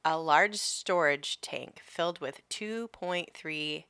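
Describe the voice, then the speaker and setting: A woman's voice: low-pitched, slow pace, sharp tone, clean tone, dry recording, studio quality. A woman co-hosting a casual podcast, who swears freely, laughs a lot and reads history notes aloud. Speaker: podcast co-host.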